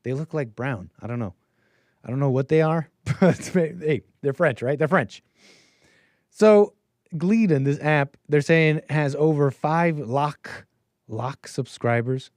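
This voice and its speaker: A man's voice: on the high side, takes it slowly, darkish tone, no echo. Rambling man talking to himself on a dry mic. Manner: rambling, stop-start, thinking aloud with muttered asides. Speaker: call-in show host. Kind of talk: solo commentary monologue.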